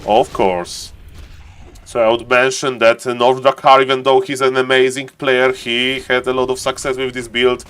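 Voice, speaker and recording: Excitable streamer man casting a game. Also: mid-range voice, moderate pace, a little hiss or hum. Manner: excitable, talks to chat, keeps saying "ladies and gentlemen"; non-native English, stumbles over words. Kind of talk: live game commentary.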